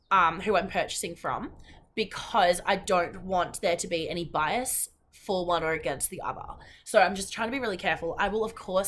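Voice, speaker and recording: A woman's voice: medium pitch, pushed and bright, slight background noise. A woman in her late twenties with an Australian accent, hosting a podcast in casual, earnest chat full of ums and restarts. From Perth, Western Australia. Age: 20s. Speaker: podcast host.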